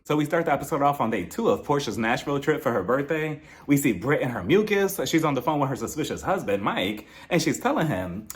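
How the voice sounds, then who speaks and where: A man's voice: mid-range voice, brisk, few pauses. A man hosting his own channel, giving a casual, jokey recap of a reality show episode. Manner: animated, jokey, mimics cast members. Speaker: reality TV review YouTuber.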